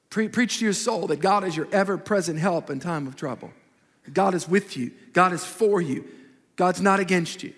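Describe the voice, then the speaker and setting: A man preaching a sermon as pastor, animated and repetitive, acting out little quotes as he goes. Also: high voice. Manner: animated preaching, repeats phrases, acts out quotes. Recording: reverberant hall.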